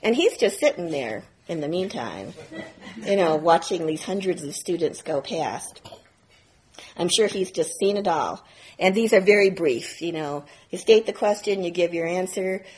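A woman meditation teacher telling a story in a dharma talk, animated and self-mocking, often laughing as she talks. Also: fairly low pitch, moderate pace, slight background noise, rough recording. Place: retreat center meditation hall.

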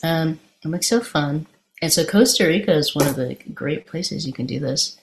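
A woman with a fairly low voice gives a dharma talk. She tells a personal story with lively energy, then moves into a calm, reflective teaching. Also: normal speed, vocal fry, a little hiss or hum.

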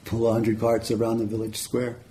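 Man doing a sweet soft-voiced ox, calm and patient, mellow flat delivery, spoken storytelling. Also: medium pitch, fairly quick, a little hiss or hum, natural voice. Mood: calm, kindly. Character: gentle loving male ox with horns.

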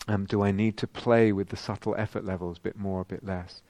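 A man's voice: fairly low pitch, fairly even intonation, fairly quick, mellow, no echo. A middle-aged man giving a dharma talk as a meditation teacher, reflective and searching, with frequent ums and rhetorical questions.

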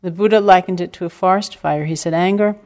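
Older female meditation teacher, low pitch, unhurried reflective talk with gentle humor. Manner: calm, reflective storytelling with gentle self-deprecating humor. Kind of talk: dharma talk. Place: retreat center hall.

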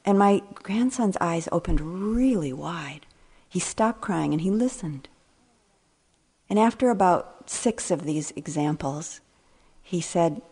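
Brief: older female meditation teacher, low and mellow, gentle reflective dharma talk, phrases fading almost to a whisper. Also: lively intonation, husky. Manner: slow, reflective, trailing phrases, sometimes dropping to a near whisper.

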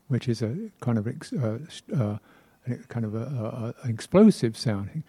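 A man giving a dharma talk as a Buddhist teacher, reflective and unhurried, pausing often with soft laughs and playful imitations of speech sounds. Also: mid-range voice, animated, husky. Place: temple hall.

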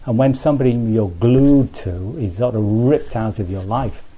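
A man's voice: mid-range voice, normal speed, mellow. A man teaching as a Buddhist teacher in a conversational dharma talk, thinking aloud with restarts and frequent asides to his listeners.

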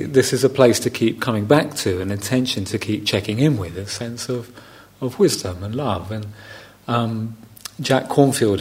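A man, a meditation teacher giving a gentle, reflective dharma talk on a retreat. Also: on the low side. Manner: gentle, reflective, unhurried with soft laughs.

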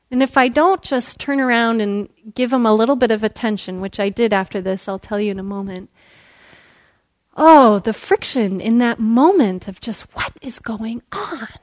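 Gentle and relaxed, a woman teacher tells a story in a meditation dharma talk, laughing softly and often. Her voice sits on the somewhat high side.

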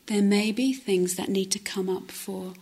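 A woman meditation teacher giving a gentle, reflective dharma talk at a retreat, often dropping to a soft near-whisper. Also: medium pitch, steady tone, a little slow. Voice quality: breathy, often drops to a whisper. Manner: gentle, reflective, with hesitant restarts. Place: retreat center meditation hall.

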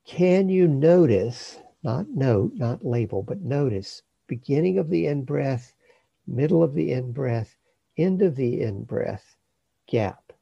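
Man, meditation instruction, gravelly voice, slow pace, dry close sound. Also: medium pitch, no room sound, highs cut off. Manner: slow, calm, unhurried with long pauses. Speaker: meditation teacher.

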